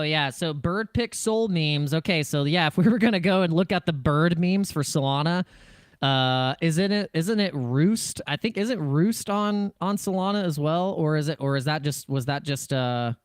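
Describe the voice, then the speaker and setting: A man hosting a crypto live stream in a casual, rambling way, with a slightly high, smooth voice. He jokes around, restarts his sentences and laughs often. The sound is close and dry. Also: no room sound. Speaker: crypto livestream host.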